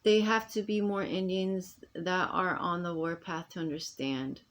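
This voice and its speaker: A woman's voice: fairly low pitch, steady tone, unhurried. A woman talking straight to her phone in a rambling personal monologue, emphatic and full of restarts that trail off. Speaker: vlogger.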